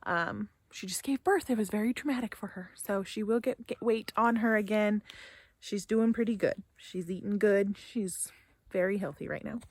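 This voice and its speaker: A woman's voice: mid-range voice, normal speed, no echo. A young woman vlogging from her barn, talking casually to the camera and her cow, emotional and tearful at times. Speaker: homesteader vlogger. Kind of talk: casual vlog talk to camera.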